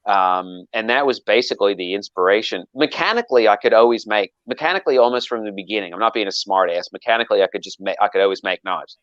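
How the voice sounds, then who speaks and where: A man's voice: lowish voice, fast, few pauses, dry recording, lo-fi sound. A man telling a long story in casual chat, rambling with frequent restarts and acting out quoted lines. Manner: rambling with many restarts, animated quoting. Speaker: knifemaker guest.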